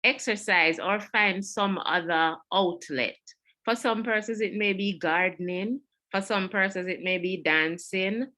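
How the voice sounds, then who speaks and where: Bright-voiced Jamaican woman presenter. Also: mid-range voice, a little slow. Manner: earnest, repeats key points, takes audience questions. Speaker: webinar presenter. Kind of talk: mental health webinar talk. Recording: online webinar audio.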